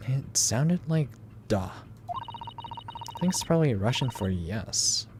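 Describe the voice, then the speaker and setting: A man's voice: medium pitch, sing-song, takes it slowly, background noise. A man streaming a game playthrough, joking and reading dialogue aloud.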